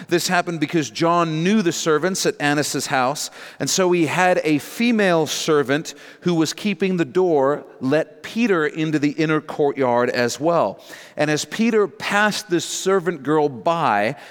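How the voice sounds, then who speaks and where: Earnest preacher in a reverberant hall. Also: male voice, on the high side, fairly bright tone, clear, resonant tone. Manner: earnest, dramatic storytelling delivery. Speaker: pastor. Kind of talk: sermon.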